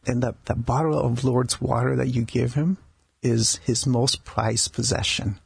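Doctor guy on a radio show, super husky gravelly voice, keeps restarting his sentences. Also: mid-range voice, fairly even intonation, dry recording. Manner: halting, with many restarts and repeated words. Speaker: palliative care doctor, guest. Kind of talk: conversational storytelling interview. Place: radio studio.

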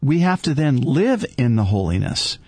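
A man's voice: mid-range voice, big pitch swings, moderate pace, a little mellow, husky, dry recording. A man hosting a casual faith talk, speaking in a preacherly way and asking rhetorical questions. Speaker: host.

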